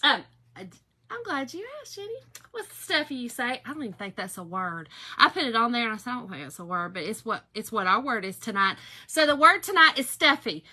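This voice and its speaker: A woman's voice: on the high side, big pitch swings, fast talker, sharp tone. A middle-aged woman with a Southern US accent hosting a casual craft livestream, chatty and bubbly, greeting viewers by name. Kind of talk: casual live chat while crafting.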